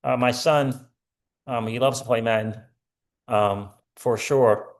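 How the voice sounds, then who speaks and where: A man's voice: mid-range voice, fairly even intonation, slow. A middle-aged man hosting a casual crypto livestream, rambling with lots of fillers and answering viewer comments.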